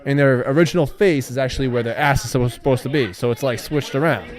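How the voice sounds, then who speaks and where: Young man, rambling, hesitant, casual livestream chat, mid pitch, lots of fillers. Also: fast, crowd noise. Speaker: guest telling his made-up stories.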